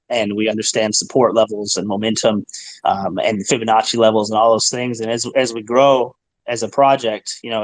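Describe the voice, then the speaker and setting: A man who leads a project, explaining things at length in a measured, rambling way over a phone. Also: medium pitch, no room sound, poor audio. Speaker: project leader. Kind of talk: casual chat.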